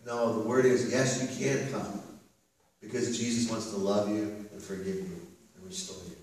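A man's voice: on the low side, animated, normal speed, darkish tone. A man preaching a sermon as pastor, earnest and repetitive, often checking in with "right?". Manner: earnest, repeats phrases, asks "right?". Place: church sanctuary. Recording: echoey church hall from far off.

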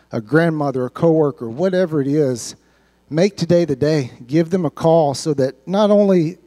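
A man stands before a church congregation and tells his own story with earnest feeling, often repeating a word before going on. His voice sits a bit high for a man and has a mellow, dark tone. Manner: earnest, heartfelt, repeats words when moved. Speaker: church member giving testimony. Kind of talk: personal testimony in church. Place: church sanctuary.

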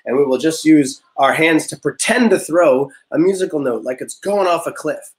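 A young man teaching a music class, leading vocal warm-ups in an upbeat, encouraging way and explaining step by step. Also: on the high side, lively intonation, moderate pace. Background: guitar notes played under the talk.

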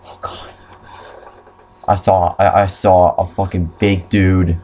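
A man's voice: deep voice, level tone, measured pace, mellow, slight background noise. A young man commenting on a horror game playthrough, swearing often and yelping when startled. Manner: swears a lot, jumpy and startled. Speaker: gamer.

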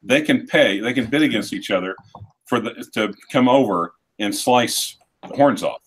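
A man's voice: mid-range voice, moderate pace, a bit bright, slight background noise. A man hosting a casual live stream chat, rambling and restarting his sentences while reading viewer comments.

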